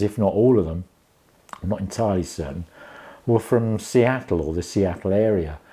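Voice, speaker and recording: A man's voice: fairly low pitch, warm tone. A man casually reviewing a vinyl album, rambling with many fillers and restarts.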